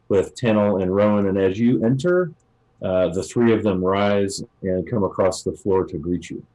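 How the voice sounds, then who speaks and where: Low, mellow male game master who narrates unhurriedly. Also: poor audio. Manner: relaxed with many uhs and ums.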